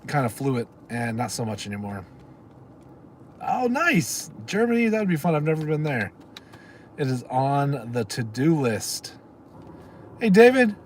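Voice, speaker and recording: A man's voice: a little high, slight background noise. A middle-aged man, hosting a livestream in a rambling casual chat and answering comments from viewers. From Texas. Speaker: livestream host.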